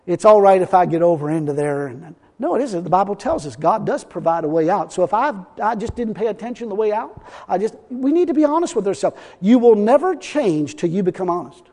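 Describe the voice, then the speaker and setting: A high-pitched male pastor delivers a folksy, emphatic sermon, breaking into chuckles between points. His voice rings out with a long reverb, as if the mic picks him up in a church hall. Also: darkish tone.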